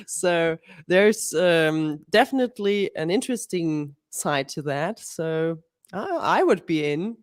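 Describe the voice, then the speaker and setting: A woman's voice: lowish voice, big pitch swings, slow pace, no room sound, studio quality. A woman musician as an interview guest, speaking hesitantly and searching for words. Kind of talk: casual interview.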